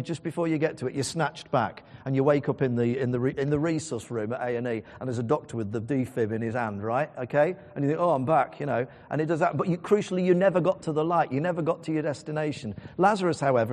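A man's voice: medium pitch, quick pace, hardly any pauses, a little mellow. A man preaching a sermon in a conversational, emphatic storytelling way. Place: church. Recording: church hall reverb.

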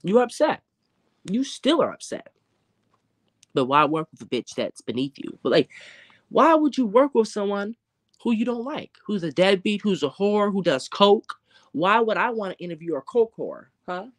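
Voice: medium pitch, big pitch swings, no echo. Confrontational, profane commentary host, dry sound. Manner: confrontational, profane, rhetorical questions; slangy, drawn-out taunting. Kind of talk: live commentary rant.

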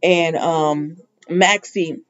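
A woman's voice: low voice, fairly even intonation, extremely slow. A woman chatting casually through a soap opera recap vlog, rambling and filling her talk with "you know" and "y'all". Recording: dull lo-fi recording.

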